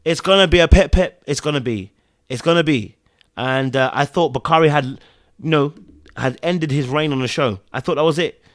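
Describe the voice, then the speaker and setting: Animated man recapping TV. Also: mid-range voice, normal speed, no echo, studio quality. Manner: animated, repeats phrases for emphasis. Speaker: TV recap podcast host. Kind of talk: casual recap commentary.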